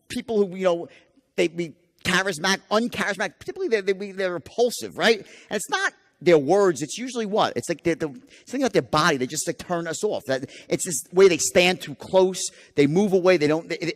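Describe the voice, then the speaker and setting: A man's voice: sits high, very animated, brisk. A man giving a live sales training seminar, emphatic and profane, firing rhetorical questions at the audience. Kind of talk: live motivational seminar lecture. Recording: long hall reverb.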